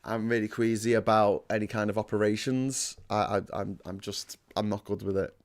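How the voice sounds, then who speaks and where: A man's voice: lowish voice, steady tone, normal speed. A man hosting a casual livestream, rambling and self-deprecating, full of fillers and restarts. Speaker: host.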